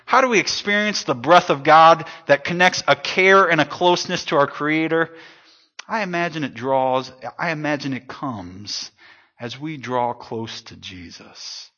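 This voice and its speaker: A man preaching a sermon to his congregation, swinging between loud emphatic lines and hushed, soft ones. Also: fairly high pitch, moderate pace. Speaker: pastor. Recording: dull lo-fi sound.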